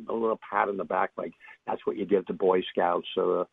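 Deep, gravelly older man over a tinny phone line. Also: level tone, no echo. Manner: reflective, halting with many fillers and restarts. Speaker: interview guest, author. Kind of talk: casual storytelling interview.

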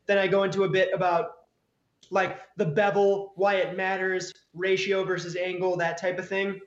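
Man, relaxed casual chat, higher voice, roomy muffled recording. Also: normal speed. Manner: laid-back, says "dude" and "man". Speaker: YouTube cooking creator, guest.

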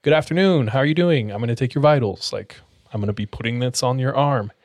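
A man voicing his friend, a nervous young male hospital tech trying to sound calm and professional. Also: medium pitch, quick pace, no echo, clean studio sound, close to an everyday voice. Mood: forced calm.

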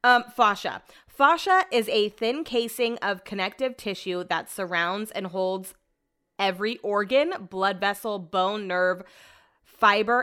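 A young woman with a pushed, bright, mid-range voice hosts a podcast by herself. Her casual monologue rambles through a story, full of "like" and sprinkled with the odd curse word.

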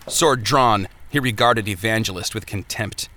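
A man reading an audiobook in a measured, descriptive way. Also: fairly low pitch, bright, forceful tone, a little hiss or hum. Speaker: narrator. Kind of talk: scripted audiobook narration.

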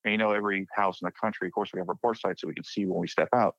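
Young guy from Texas, lower voice, casual ghost-story teller who acts out quotes; dry, dull lo-fi mic. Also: very fast, vocal fry, no room sound. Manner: animated retelling, acting out friends' panicked quotes. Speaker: guest sharing a personal paranormal story.

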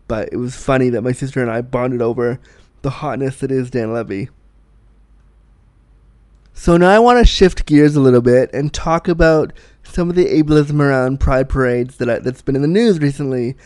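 A man's voice: mid-range voice, moderate pace, darkish tone, no room sound. A man hosting his own vlog, talking in a chatty, enthusiastic way with frequent restarts. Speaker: vlog host. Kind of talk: casual personal monologue.

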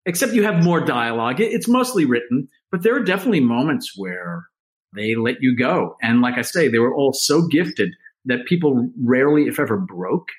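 A middle-aged man in a relaxed interview, telling rambling stories with self-mocking asides. His pitch sits in a plain middle range, and he jumps between quick bursts and slow, drawn-out phrases. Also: poor audio. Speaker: actor guest. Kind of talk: casual interview chat.

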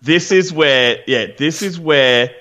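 A man's voice: a little high, slow, bright, forceful tone. An Australian man co-hosting a podcast, chatting enthusiastically about a reality show and often restarting his sentences. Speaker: podcast co-host. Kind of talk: casual reality-show recap chat.

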